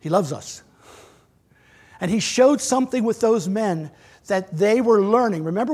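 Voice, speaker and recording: Preaching with sincerity inside a church, a middle-aged man speaks in a high, slightly husky register. He alternates between raising his voice loudly and dropping it to a near whisper.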